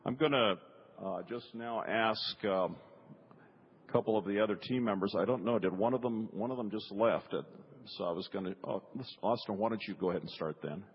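Husky-voiced man leading prayer in a hall. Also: fairly low pitch, fairly quick. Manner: encouraging, hesitant fillers while organizing speakers. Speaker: prayer meeting leader. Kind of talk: preaching and hosting a prayer meeting. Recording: dull recording in a reverberant hall.

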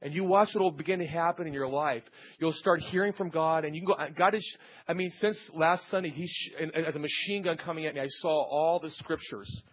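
A man's voice: a little high, fairly even intonation, a little fast, slightly rough. Rambling man preaching a testimony. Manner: rambling, repeats words and restarts, storytelling. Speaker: lay preacher. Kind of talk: informal sermon with personal testimony. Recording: dull lo-fi church audio.

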